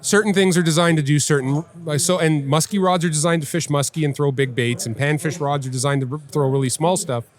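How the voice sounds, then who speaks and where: A man, a well-known angler and TV host, talking in a casual live podcast chat with an animated, emphatic, instructive way of telling stories. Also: a little high, fairly quick, few pauses. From Canada. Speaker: guest angler and TV personality. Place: busy fishing trade show floor.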